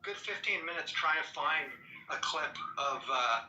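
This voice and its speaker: A man's voice: fairly high pitch, expressive, unhurried, bright, forceful tone, dull audio. Rambling man, far from the mic. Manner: rambling, full of fillers and restarts. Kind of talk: casual chat. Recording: distant, echoey with faint noise.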